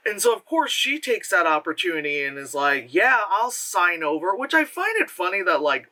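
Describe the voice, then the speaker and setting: A man's voice: high voice, sing-song, a little fast, bright, forceful tone, poor audio. An American man in pain, reviewing a movie in a rambling, sarcastic way, often interrupting himself and laughing. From United States.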